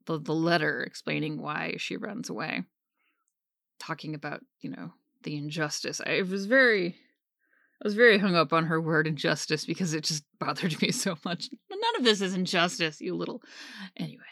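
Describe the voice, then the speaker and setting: A woman's voice: normal speed, creaky, dry recording, studio quality. A woman in her thirties co-hosting a book podcast, chatting casually and acting out quotes with animation. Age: 30s. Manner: animated, acts out quotes in a higher voice. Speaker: podcast co-host. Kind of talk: casual book-discussion chat.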